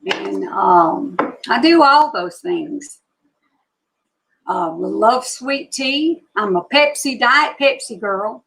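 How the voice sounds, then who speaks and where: Southern woman in her sixties, Alabama drawl, slow chatty live-stream host, slightly high and gravelly. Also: expressive, a bit bright, slight background noise, poor audio. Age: 60s. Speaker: psychic reader hosting a live stream. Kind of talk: casual live-stream chat with viewers.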